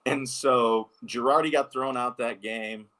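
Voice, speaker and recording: A man in his thirties, a former ballplayer, telling lively anecdotes in a casual interview, with lots of filler words. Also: mid-range voice, unhurried. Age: 30s. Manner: animated anecdotes, many fillers. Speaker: former pro baseball pitcher, guest.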